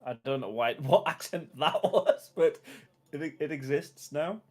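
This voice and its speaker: A man's voice: a little high, a little slow, a little mellow. A man with a Sunderland accent hosting a casual football watch-along stream, chatting loosely with viewers and laughing often. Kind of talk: casual live-stream chat.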